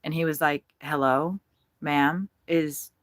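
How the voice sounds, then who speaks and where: Slow and deep-voiced, with fairly even intonation, this American bird-watching vlogger offers easygoing running commentary as birds come to her feeders. She's in an RV at a campground, giggling and swearing freely, and there's no room sound.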